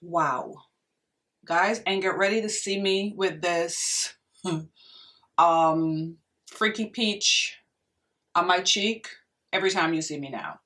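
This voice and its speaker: A woman's voice: fairly low pitch, takes it slowly, long pauses, sharp tone, distant mic. A young woman reviewing makeup in a casual vlog, gushing and exclaiming to her viewers as if they were friends. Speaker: beauty vlogger.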